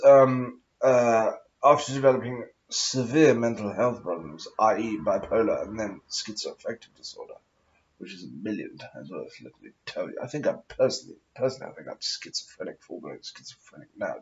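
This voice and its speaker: A man rambling to camera in an exaggerated posh, aristocratic voice, his pitch swinging up and down lively as he goes. He swears freely and wanders from thought to thought. The recording sounds dull and lo-fi. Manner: affected posh aristocratic put-on voice; swears often, meandering. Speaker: vlogger. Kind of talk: rambling casual monologue.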